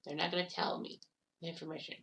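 A woman casually calling the shots in a golf video game, chatty and quick to blurt out exclamations. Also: low-pitched, little pitch movement, vocal fry. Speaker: game commentator. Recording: distant mic with loud background noise.

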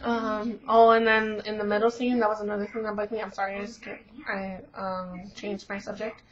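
A woman's voice: medium pitch, little pitch movement, moderate pace. Gushing teen girl, lo-fi webcam. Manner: gushing, rambling, many fillers. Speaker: vlogger. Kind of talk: casual chat. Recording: dull lo-fi webcam audio.

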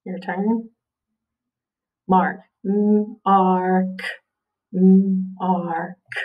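A woman's voice: medium pitch, steady tone, a little slow, recorded from a distance, narrow, tinny audio. A woman teaching a spelling lesson, patiently sounding out words and checking in with her students often. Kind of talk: spelling lesson over slides.

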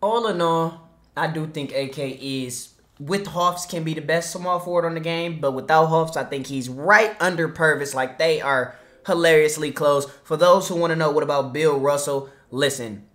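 A young man doing casual, slangy commentary over his basketball video game, trash-talking and sometimes shouting or singing. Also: on the high side. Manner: hyped slangy trash talk, sings and shouts over play. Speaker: gaming YouTuber.

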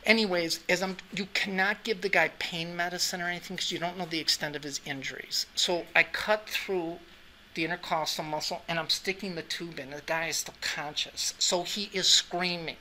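Bright-voiced man lecturing a class. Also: high-pitched, steady tone, moderate pace, slight background noise. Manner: chatty, anecdotal, with frequent "right?" asides. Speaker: anatomy and physiology instructor. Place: classroom with students.

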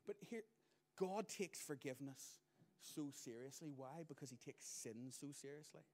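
A man in middle age preaching a sermon at an even, middle pitch. He drives points home with loud bursts and then drops to near-quiet asides. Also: normal speed. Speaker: pastor.

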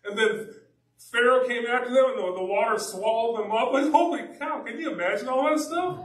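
A man preaching a sermon as pastor, telling the story in a casual, animated way. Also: very high-pitched, fairly quick. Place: church sanctuary. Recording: echoey church from a distance.

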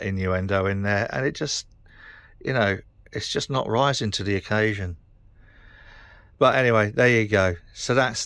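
Ranting casually to the camera, a middle-aged man with a British English accent sounds frustrated, swears a lot and rambles. The vlogger's voice is fairly low-pitched with a fairly bright tone, and there's no room sound.

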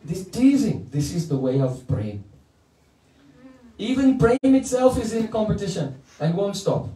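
A man's voice: high voice, big pitch swings, unhurried, dark tone. A man giving a playful devotional lecture, telling stories and breaking into chanted verses. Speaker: spiritual teacher. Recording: echoey room, mic at a distance.

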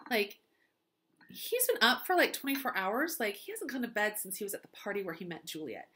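A woman's voice: mid-range voice, sing-song, a little fast, sharp tone. Chatty, sarcastic woman teacher. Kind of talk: gossipy literature recap.

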